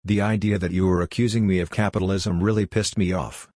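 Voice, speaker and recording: A man's voice: deep voice, fairly even intonation, fairly quick, darkish tone, no room sound, studio quality. A man voicing a blunt, tough female crew boss in an audiobook, speaking curtly. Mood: conciliatory. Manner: curt, confrontational.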